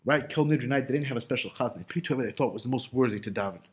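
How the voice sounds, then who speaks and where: Speaking rapid-fire in a medium pitch, a man leads an informal Torah class. His style is loose and conversational, packed with casual fillers and rhetorical questions he poses to himself.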